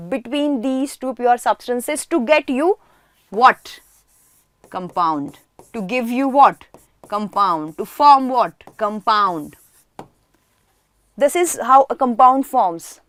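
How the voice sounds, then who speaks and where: Woman, chemistry teacher, slightly high voice, dry close sound, asks and answers her own questions, repeats key words. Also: expressive, slow, no room sound. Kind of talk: online classroom lesson.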